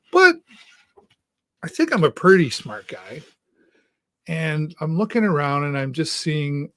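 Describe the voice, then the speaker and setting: Speaking straight to his viewers, a talk show host from Canada delivers an earnest but halting monologue and keeps restarting his sentences. His voice is a bit high for a man. Though the place is a church, the sound is close and dry, with no audible room.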